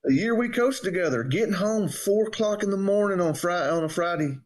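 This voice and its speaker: A man's voice: high-pitched, expressive, fairly quick. A man, a podcast co-host and coach, trading jokes and stories in easygoing banter. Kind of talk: casual storytelling chat.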